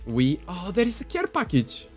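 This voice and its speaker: A young man in casual gameplay commentary, excitable and joking, with playful exclamations. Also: high-pitched, moderate pace, music in the background. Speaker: gaming youtuber.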